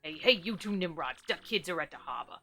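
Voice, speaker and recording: A woman voicing a gruff old male mafia boss in a game, with a put-on gangster drawl and a clipped, bossy manner. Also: fairly low pitch, lively intonation, a little fast, pushed and bright, soft background music.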